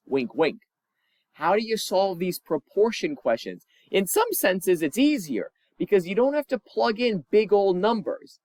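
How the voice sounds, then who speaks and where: Lively male physics teacher, dry sound. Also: a little high, no room sound. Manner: lively, chatty and encouraging, with asides. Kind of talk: recorded homework walkthrough.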